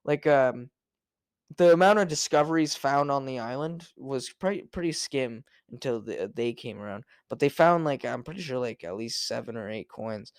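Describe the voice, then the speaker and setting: A man's voice: mid-range voice, animated, moderate pace, no room sound. Rambling, profane young man, dry mic. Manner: rambling, profane, with many restarts and fillers. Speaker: podcast host. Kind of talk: casual solo podcast rant.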